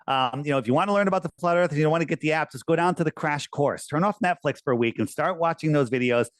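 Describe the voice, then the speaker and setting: A man guest in a casual talk-show conversation, talking in an insistent, animated way. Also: on the high side, fast, no room sound, studio quality. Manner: animated, insistent, uses mocking put-on quotes.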